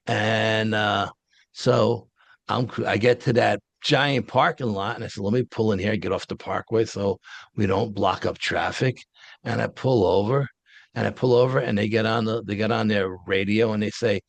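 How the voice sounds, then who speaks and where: A man's voice: fairly low pitch, steady tone, moderate pace, vocal fry, no room sound. A man, an interview guest telling a story in a casual, blunt, street-wise way. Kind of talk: casual first-person storytelling.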